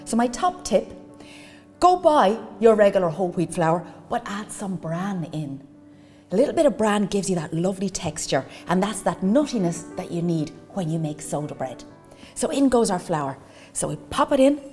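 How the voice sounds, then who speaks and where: A woman's voice: mid-range voice, sing-song, normal speed, a little mellow, long reverb tail, soft background music. An Irish woman teaching a baking lesson, chatty and enthusiastic as she gives tips and little asides while she works. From Ireland. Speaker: cooking teacher. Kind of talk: cooking demonstration.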